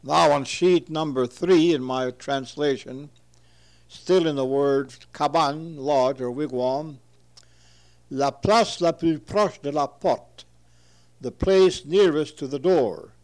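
Slow, careful man reading word glosses. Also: a little high, a little mellow. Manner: reads each entry aloud, repeats native words carefully and explains them. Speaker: translator of an old word list.

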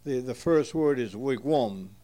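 Slow, measured man reading word lists. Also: medium pitch, lively intonation, mellow. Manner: measured, deliberate, pauses between terms. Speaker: reader translating an old dictionary.

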